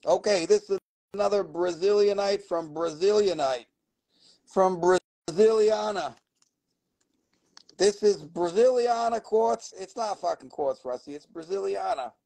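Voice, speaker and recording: Middle-aged male live-stream seller, raspy fry in the voice, rambling and foul-mouthed. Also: sits high, a little slow, warm tone, no echo, low-quality recording. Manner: rambling and profane, swearing often. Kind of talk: casual live sales stream.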